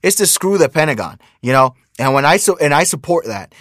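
A man's voice: a little high, big pitch swings, a little fast, a bit bright, dry recording, clean studio sound. A man hosting a podcast, ranting through casual political commentary, repeating himself and mocking his critics. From United States. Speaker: podcast host.

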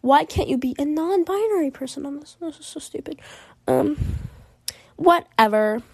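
Brief: high-voiced woman, animated game commentary, giggly, dry close-mic read. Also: dry recording. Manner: chatty and animated, quick reactions, giggly. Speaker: gaming video creator. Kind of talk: casual game commentary, reading choices aloud.

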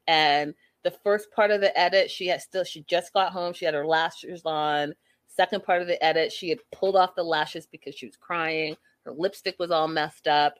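A woman's voice: low-pitched, fairly bright tone, no echo. A woman, casually recapping a reality show and giving her opinions as she retells the scenes. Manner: chatty, opinionated, retelling scenes in quoted dialogue.

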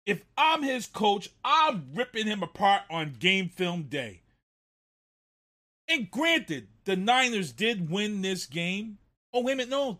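A man hosting a sports talk show rants heatedly about a football play, repeating himself in casual commentary. His voice is high with a sharp tone.

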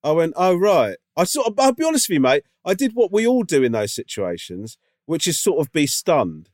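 A man's voice: a little high, huge pitch swings, brisk, darkish tone, no room sound, clean studio sound. A man co-hosting a podcast, chatting casually and telling a rambling story full of fillers. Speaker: podcast co-host. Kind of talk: casual chat.

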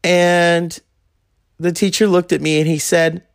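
A man's voice: fairly high pitch, level tone, measured pace, vocal fry, clear, resonant tone, no room sound, studio quality. A man in his thirties telling a rambling, crude story in a casual monologue. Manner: crude, rambling, acts out quoted voices. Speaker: podcast host.

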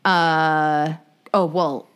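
A woman's voice: low-pitched, fairly even intonation, very slow, clean tone. A young adult woman co-hosting a podcast in casual chat, bubbly and laughing often as she talks to listeners. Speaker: podcast co-host.

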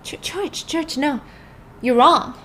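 A woman's voice: high voice, slow, bright, forceful tone, slight background noise, voice pushed up, full character voice. A woman voicing a shaken, disbelieving male marshal in a story recap. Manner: disbelieving, pleading.

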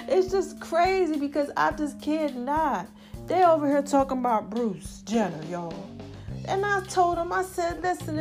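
Female podcast host, high voice, loose and chatty, frequent laughter, faint music bed under her. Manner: chatty and animated, laughs often, calls listeners y'all and baby. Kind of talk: casual monologue to listeners.

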